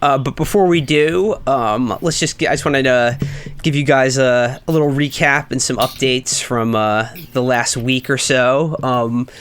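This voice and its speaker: A man's voice: medium pitch, a little slow, a bit bright, a little hiss or hum. Rambling New York man, podcast co-host. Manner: rambling, lots of fillers and restarts. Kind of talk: casual comedic chat.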